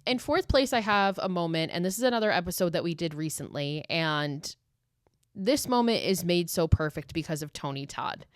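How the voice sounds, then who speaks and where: A woman's voice: on the low side, animated, normal speed, no echo, studio quality. A woman hosting a podcast solo, talking casually and emotionally, gushing and swearing freely. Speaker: podcast host.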